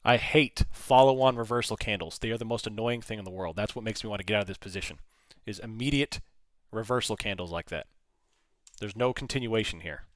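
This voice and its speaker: A man's voice: lowish voice, brisk, a bit bright, no echo. A man hosting a live trading stream, commenting on the chart and answering viewers' questions. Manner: talks to the chart, urging it on. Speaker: livestream trading host. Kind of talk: live commentary and chat replies.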